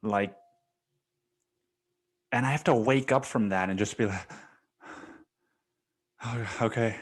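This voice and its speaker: Young male podcast host, slightly low voice, loose, profane, rambling solo monologue. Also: slow. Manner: rambling, profane, says dude a lot.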